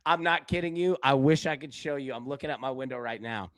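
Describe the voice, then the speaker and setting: Animated man hosting a live betting show. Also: quick pace, dry recording. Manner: animated, swings between loud bursts and low asides; talks directly to chat viewers by name. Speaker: sports betting show host. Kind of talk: live sports betting talk show chat. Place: indoor room with a window.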